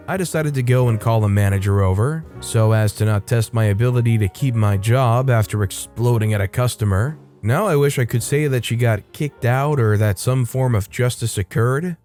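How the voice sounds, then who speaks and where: A man reads online stories and chats about them in a casual, wry way. His voice is mellow and mid-pitched. A faint guitar plays underneath. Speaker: storytime narrator. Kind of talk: reading Reddit stories with commentary. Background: faint guitar music.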